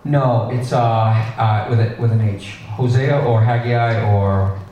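Animated preacher in an echoey hall. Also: male voice, mid-range voice, takes it slowly, dull audio, a little hiss or hum. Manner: conversational, asides and restarts, animated emphasis. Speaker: pastor. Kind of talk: sermon. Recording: echoey hall, distant mic.

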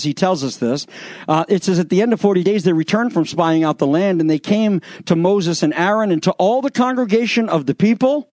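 A man preaching a sermon, retelling scripture with animated acted-out quotes and sarcastic asides. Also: sits high, dry recording, studio quality. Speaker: pastor.

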